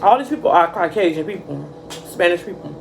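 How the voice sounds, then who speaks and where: A young woman vlogger telling a casual storytime, animated and profane, calling her viewers y'all. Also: fairly low pitch, a little fast, creaky, a little hiss or hum, poor audio.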